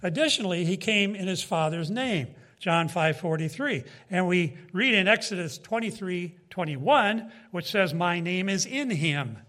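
A man's voice: sits high, expressive, measured pace, few pauses, fairly bright tone. A man preaching a Bible teaching in sermon style, emphatic, with rising and falling delivery and asides to his listeners.

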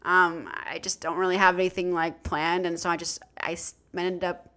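A young woman chats casually on a podcast. She tells the story with lively energy and acts out the voices of the people in it. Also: fairly low pitch, moderate pace, smooth. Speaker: podcast co-host. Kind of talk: casual chat.

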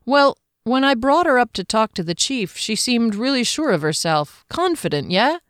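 A wry, slangy male soldier, voiced by a woman reading aloud. He talks bluntly and casually, a little above her normal pitch. The read-aloud has a dry, close sound. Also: big pitch swings, normal speed, clear, resonant tone, no echo.

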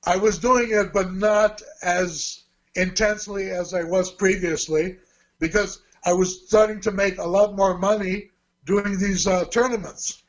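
Higher-voiced Australian man telling stories. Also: a little slow. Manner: lively anecdote teller who acts out quoted dialogue. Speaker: interview guest, former event promoter. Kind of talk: storytelling interview. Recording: dull lo-fi recording.

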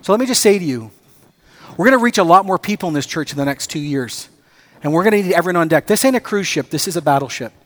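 A man preaching a sermon as pastor, telling stories with acted-out dialogue and rising to excited emphasis. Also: a little high, fast talker.

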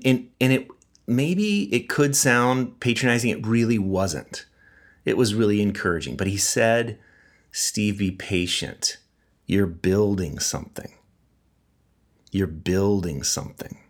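A middle-aged man with a wheezy voice from a cold, chatting casually as a podcast host and laughing at his own stories. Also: deep voice. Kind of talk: casual monologue.

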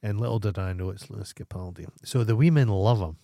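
A man's voice: lowish voice, quick pace, warm tone, no room sound, clean studio sound. A Scottish man co-hosting a podcast in casual chat, sardonic and crude, swearing freely. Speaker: podcast co-host.

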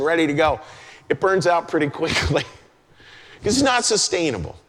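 A man preaching a sermon as a pastor, chatty and conversational, dropping into a soft hush to stress a point. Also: fairly high pitch. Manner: conversational, drops to a hush for emphasis. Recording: long hall reverb.

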